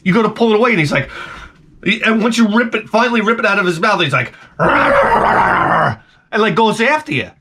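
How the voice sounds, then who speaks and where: A man's voice: high-pitched, expressive, quick pace, bright, forceful tone, a little hiss or hum. A man telling a rambling, profane story in a casual comedic rant to his vlog audience. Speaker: vlogger.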